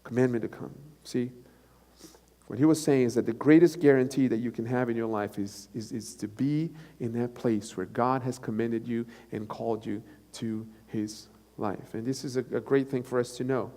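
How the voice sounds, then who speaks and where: Man preaching with surging, then hushed delivery. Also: fairly even intonation, moderate pace. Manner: swings between loud emphatic bursts and low, hushed stretches; repeats key phrases for emphasis. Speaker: pastor. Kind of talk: live sermon. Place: church sanctuary. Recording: live church recording with long reverb and music behind.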